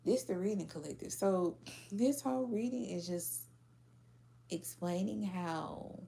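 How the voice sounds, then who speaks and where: Woman tarot reader, gravelly low voice, mellow tone, blunt and cussing, casual. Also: a little slow. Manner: blunt, profane, acts out other people's reactions. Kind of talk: casual collective tarot reading.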